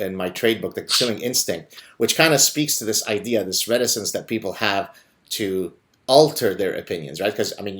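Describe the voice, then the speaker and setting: Male host, lowish voice, deliberate, lots of filler words. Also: a bit bright. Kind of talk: conversational interview.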